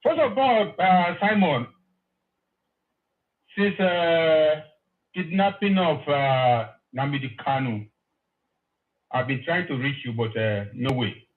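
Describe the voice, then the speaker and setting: High-voiced man on a phone line. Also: slow, long pauses. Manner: effusive, emotional, repeats his praise. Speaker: caller. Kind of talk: phone-in call.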